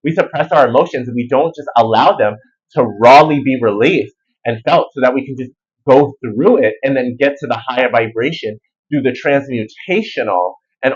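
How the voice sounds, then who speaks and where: A man giving a casual spiritual tarot reading, animated and rambling in everyday slang. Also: medium pitch, breathy edge, dull audio. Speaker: tarot reader.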